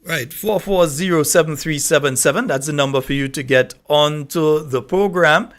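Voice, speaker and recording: A man's voice: fairly high pitch, normal speed, a bit bright. A man with a Grenadian accent hosting a call-in radio talk show, speaking emphatically and scolding at times.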